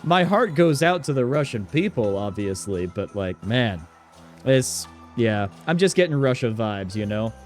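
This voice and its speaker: A man's voice: mid-range voice, big pitch swings, a little slow, faint music behind. A man streaming a game, giving chatty, jokey commentary full of fillers. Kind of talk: casual let's-play commentary.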